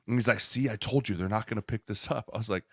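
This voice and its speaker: A man's voice: fairly low pitch, fast, a bit bright, dry recording, clean studio sound. A man co-hosting a casual podcast, telling stories and acting out dialogue. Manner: chatty storyteller acting out dialogue. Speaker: podcast co-host, former lineman.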